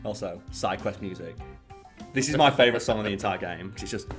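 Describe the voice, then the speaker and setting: A man, hosting a casual let's-play, fast, profane and joking. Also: on the low side, fairly bright tone, soft background music. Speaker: host.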